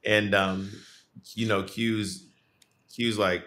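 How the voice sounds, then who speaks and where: A man's voice: on the low side, level tone, slow pace, fairly bright tone. A man co-hosting a casual podcast recap over a video call, playful and sassy in a teasing way. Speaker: podcast co-host. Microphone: remote video call mic.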